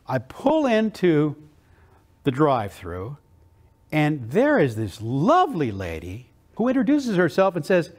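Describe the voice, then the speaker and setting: Brief: male keynote speaker, high and very expressive, storytelling with dramatic pauses. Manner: animated, with slow dramatic pauses on key words.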